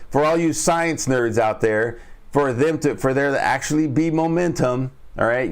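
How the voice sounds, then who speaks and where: A man hosting a live trading lesson. He repeats his key points, stops to ask "all right?" after each one, and reads and answers the live chat. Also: mid-range voice. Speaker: trading coach and stream host.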